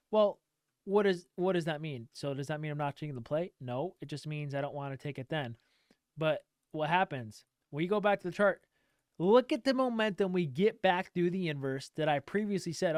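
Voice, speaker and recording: Male trading streamer, emphatic and repetitive, resonant tone, somewhat high, dry close sound. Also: animated, fairly quick, clear, resonant tone, dry recording. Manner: emphatic, repetitive, swears casually. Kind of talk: direct-to-camera rant.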